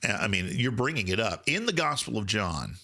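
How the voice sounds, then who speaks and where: Male podcast co-host, bright tone, explanatory Bible-teacher manner, easygoing. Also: fairly low pitch, very animated, a little fast. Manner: thoughtful, explanatory, frequent restarts. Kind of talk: casual Bible discussion.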